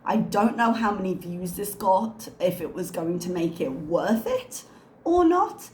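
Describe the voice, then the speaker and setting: A woman's voice: mid-range voice, big pitch swings, a little slow, a little mellow, a little hiss or hum. A woman hosting a reaction video, giving sarcastic, critical commentary on a clip. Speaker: reaction channel host. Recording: echoey room.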